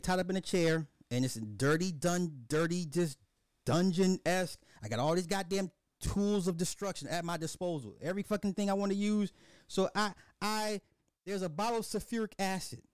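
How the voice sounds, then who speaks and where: Casual: crude podcast guy riffing a story, highish voice, very dry sound. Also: no echo. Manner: profane, animated, repetitive storytelling. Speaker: podcast host. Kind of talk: dark comedic monologue.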